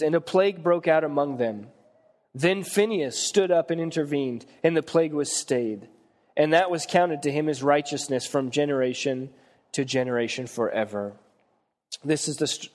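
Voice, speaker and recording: Male preacher, slightly high voice, conversational sermon, long hall reverb. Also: a little mellow. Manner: retells Bible stories in plain conversational terms. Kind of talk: sermon with scripture reading.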